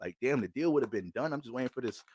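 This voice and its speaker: A man's voice: mid-range voice, lively intonation, racing, darkish tone, husky, no room sound, clean studio sound. A man giving an astrology forecast in a casual, blunt and profane way. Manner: blunt, streetwise and heavy on profanity. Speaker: astrologer giving a sign reading.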